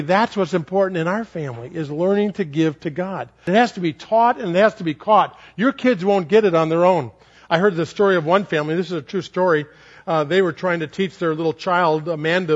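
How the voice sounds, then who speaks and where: A male pastor tells stories during a sermon in a fairly high voice. He is animated and repeats words for effect. The recording sounds dull and lo-fi. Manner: animated, repetitive. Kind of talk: sermon storytelling.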